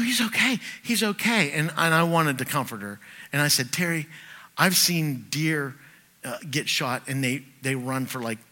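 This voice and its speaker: Bright-voiced man preaching with stories. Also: medium pitch. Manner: animated storyteller, swings from loud bursts to quiet asides. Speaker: pastor. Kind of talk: sermon with personal anecdotes.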